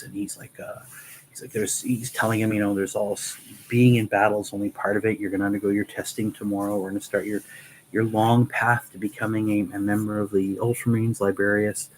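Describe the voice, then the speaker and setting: A man's voice: lowish voice, little pitch movement, a little fast, slight background noise, poor audio. A man hosting a Q&A, casually rambling through stories with many restarts. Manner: rambling, full of fillers and restarts. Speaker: host of a Q&A channel.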